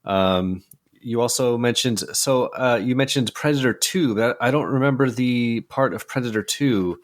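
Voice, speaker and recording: A man hosting a casual movie podcast, chatting in a relaxed, easygoing way and reading out scene descriptions. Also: medium pitch, moderate pace. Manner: relaxed, easygoing, trails off with fillers. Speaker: podcast host.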